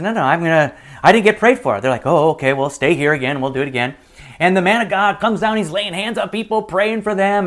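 A middle-aged man preaching a sermon, telling a personal story and moving between lively retelling and hushed, quiet moments. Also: sits high. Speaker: pastor.

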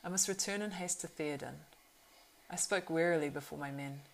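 A woman voicing a proud young horse-lord, low and gravelly. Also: moderate pace, poor audio. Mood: earnest, urgent. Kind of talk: audiobook reading.

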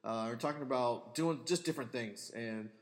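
A man hosting a casual family podcast, rambling and animated, laughing often. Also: medium pitch, normal speed. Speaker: podcast host. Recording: long hall reverb.

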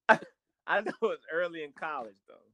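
Blunt, cursing young man on a podcast. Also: a little high. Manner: blunt, profane, repeats words when starting. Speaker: podcast co-host. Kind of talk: casual chat.

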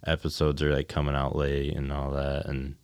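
A man co-hosting a casual podcast in a halting way, full of fillers. His voice is extremely deep and smooth, and the recording is dry. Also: monotone, no echo. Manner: halting, swears, uses many fillers. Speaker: podcast co-host.

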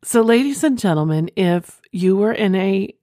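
A woman's voice: medium pitch, lively intonation, normal speed, warm tone, no room sound, clean studio sound. A middle-aged woman hosting a podcast, reading an erotic listener confession aloud and then chatting about it in a rambling, giggly way.

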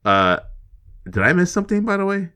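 A man's voice: sits high, sing-song, a little fast, background noise. A man co-hosting a live-streamed podcast, chatting in an easygoing way and chuckling often. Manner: easygoing, chuckling, many fillers. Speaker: podcast co-host. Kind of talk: casual live-stream chat.

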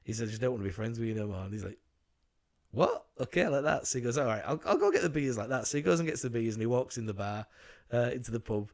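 Male co-host, casual film talk, rambling storyteller, mid pitch. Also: lively intonation, very fast. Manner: rambling, retells scenes with quoted lines. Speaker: podcast co-host. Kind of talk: casual film review chat.

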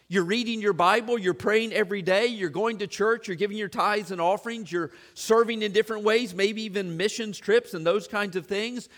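A man's voice: high-pitched, fairly bright tone. A man preaching as a church pastor, earnest and questioning, piling up long lists and repeating his questions to the congregation. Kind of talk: sermon.

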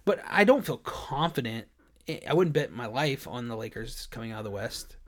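Animated and mid-range in pitch, this man speaks at a moderate pace while co-hosting a casual sports podcast. His talk wanders, punctuated by frequent laughter and restarted sentences.

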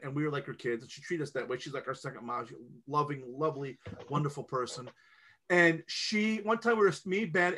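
A middle-aged man on a podcast, telling family stories in an emphatic, rambling way and restarting his sentences often. His voice is bright and sits a little high for a man. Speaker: podcast co-host. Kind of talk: casual podcast storytelling.

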